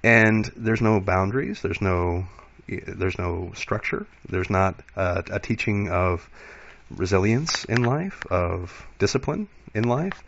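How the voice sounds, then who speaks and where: A man with a fairly low voice, hosting a casual talk. He thinks out loud at length and fills his pauses with "you know" and "um." The sound is dull and lo-fi. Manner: reflective, with many fillers like "you know". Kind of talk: casual discussion.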